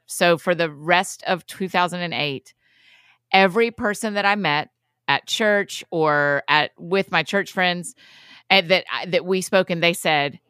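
A woman co-hosting a podcast in casual chat, chatty, with quick asides and frequent laughs. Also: lowish voice, bright, forceful tone, clean tone, dry recording, clean studio sound. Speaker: podcast co-host.

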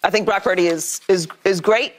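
A woman losing her voice, hosting a sports debate, playful and quick to argue back. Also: medium pitch, a little hiss or hum. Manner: playful, stumbles and restarts when pressed. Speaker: sports debate show host.

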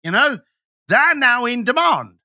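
A man's voice: extremely high pitch, big pitch swings, unhurried, pushed and bright, dry recording, studio quality. A man, a business coach talking bluntly and emphatically as a podcast guest. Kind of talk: podcast conversation.

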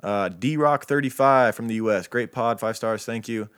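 A man's voice: mid-range voice, normal speed, a bit bright, smooth, dry recording, studio quality. A man co-hosting a podcast in casual chat, reading listener reviews aloud in a laid-back way. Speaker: podcast co-host.

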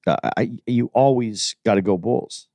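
A man co-hosting a podcast in casual chat, calm and measured, often stammering and repeating his first words. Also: on the low side, no echo. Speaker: podcast co-host.

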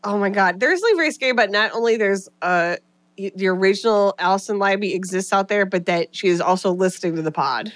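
A woman's voice: medium pitch, quick pace. A woman co-hosting a comedy podcast in casual, playful, jokey banter. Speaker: podcast co-host.

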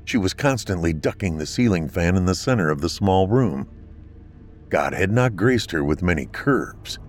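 Deep-voiced man narrating a horror story. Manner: steady, measured storytelling.

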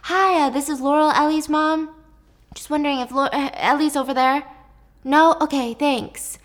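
A woman voices a flustered, anxious middle-aged mother who hesitates and stammers. Her delivery is high, fairly even in intonation, and moderately paced, pitched above her own voice yet close to an everyday one.

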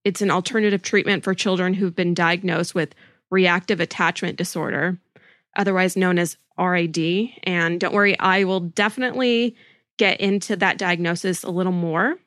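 A woman hosting a true-crime podcast, speaking in an earnest, emphatic and deliberate way. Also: on the low side, steady tone, fairly bright tone, no room sound, clean studio sound. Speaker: podcast host.

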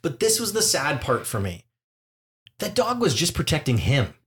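A man's voice: a little high, huge pitch swings, normal speed, a bit bright. Rambling, joking man telling a story. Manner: rambling, self-mocking, jokey storytelling. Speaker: podcast co-host. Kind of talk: casual storytelling chat.

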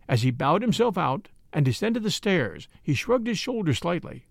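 A man narrating a classic short story in a measured, expressive way. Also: fairly high pitch, gravelly, no echo, clean studio sound. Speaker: audiobook narrator.

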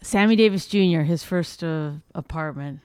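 A woman co-hosting a comedy podcast, bickering and laughing with quick comebacks in a low voice she says can sound like a man's. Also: darkish tone, clean tone, no room sound, studio quality. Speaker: podcast co-host. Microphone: studio microphone.

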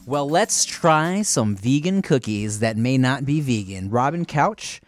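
A man's voice: medium pitch, unhurried, soft background music. A man co-hosting a casual comedy podcast, telling stories with acted-out voices and frequent laughter. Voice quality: animated storyteller, acts out voices and laughs often. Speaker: podcast co-host.

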